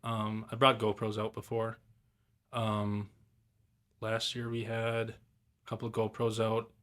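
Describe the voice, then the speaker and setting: A man's voice: on the low side, completely flat delivery, unhurried, fairly bright tone. A young man on a podcast, casually telling turkey hunting stories in a rambling, laid-back way, swearing and mimicking the calls. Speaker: guest turkey hunter.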